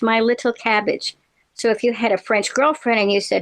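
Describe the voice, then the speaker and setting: A woman's voice: medium pitch, moderate pace. A middle-aged woman, a therapist co-hosting a podcast, chatting playfully and explaining things at length. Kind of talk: casual chat.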